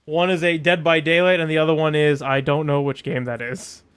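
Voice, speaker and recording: Joking, higher-voiced male streamer. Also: level tone, a little fast, fairly bright tone, clear, resonant tone. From Europe. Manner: joking, rambling, laughs often. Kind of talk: casual gameplay commentary.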